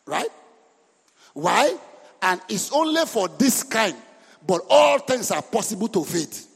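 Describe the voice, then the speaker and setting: A man preaching a sermon as pastor, lively and breaking into sudden shouts. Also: high voice, slow, vocal fry, long pauses, breathy edge. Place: church hall. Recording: reverberant church hall.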